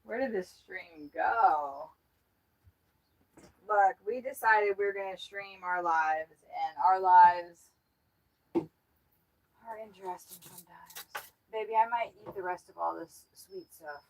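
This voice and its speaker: A woman's voice: lowish voice, takes it slowly, long pauses, muffled recording, slight background noise. A woman chatting casually on a livestream, joking around and laughing often. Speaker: livestream host.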